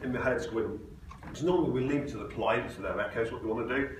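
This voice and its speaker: A fast-talking man with a mid-range voice presents a conference talk full of anecdotes and storytelling. The distant mic catches a very echoey hall with noise in the background.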